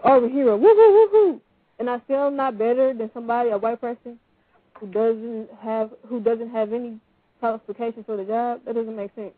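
A woman calling into a talk show, telling a personal story in an animated, indignant way. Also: fairly high pitch, no echo. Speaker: caller. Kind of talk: call-in talk. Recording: tinny phone line.

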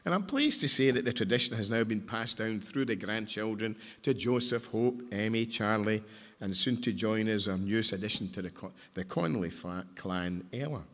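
A man's voice: lowish voice, normal speed, a bit bright. An older man with a Scottish accent, talking to a congregation in a chatty, joking way and asking the audience questions. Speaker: speaker at a church service. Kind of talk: storytelling talk to a congregation. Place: large church hall. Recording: hall reverb.

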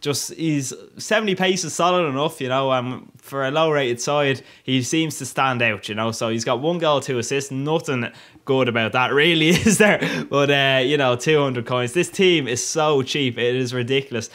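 A man's voice: mid-range voice, normal speed, fairly bright tone. A man giving casual, cheeky commentary over a football video game, cracking crude jokes. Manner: cheeky, crude joking with frequent laughs. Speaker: gaming YouTuber.

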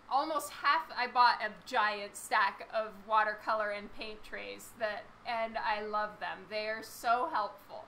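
A woman artist chatting casually with her live-stream viewers while she draws, laughing often, her voice a little hoarse. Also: high voice, bright, forceful tone, slight background noise, low-quality recording. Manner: chatty, laughs often, reads and answers chat. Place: home studio with a fan running.

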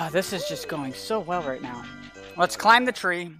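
A man's voice: high-pitched, lively intonation, unhurried, over music. A young man giving rambling gameplay commentary, easily exasperated and ranting at the game. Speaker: let's play commentator.

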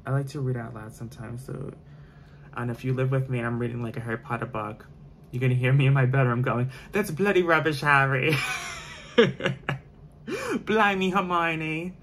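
A man doing his makeup for the camera and chatting the whole time, opinionated and easily sidetracked. His voice sits at a middling pitch, and faint noise hums in the background. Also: level tone, fast. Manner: chatty, opinionated, goes off on tangents. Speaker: beauty vlogger. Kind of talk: casual chat during a makeup tutorial.

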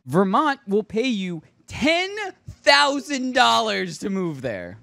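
Lively, laughing male podcast host. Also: high-pitched, slow pace, creaky, no echo, studio quality. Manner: laughs often, animated storytelling. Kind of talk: casual chat.

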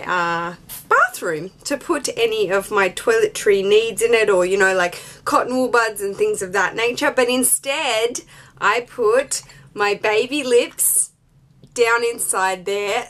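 A woman's voice: mid-range voice, a bit bright. A young woman chatting casually to her camera at home, hyper and rambling from too much coffee. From Australia. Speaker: beauty and fashion vlogger. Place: home closet room with yellow-lit background.

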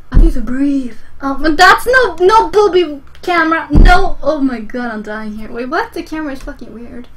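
A young woman with a Swedish accent, streaming a video game live, excitable, swearing often and laughing a lot. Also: high voice, slight background noise.

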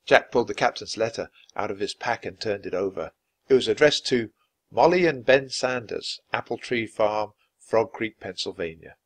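A man reading a children's chapter book aloud, narrating clearly and expressively. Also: fairly low pitch, animated, normal speed. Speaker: storybook reader.

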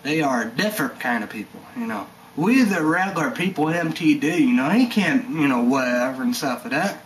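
A man's voice: on the high side, expressive, a little fast, hardly any pauses, slight background noise, poor audio. A man giving a rambling, heated vlog rant, swearing and leaning on "you know" and "stuff like that". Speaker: energy drink reviewer vlogger.

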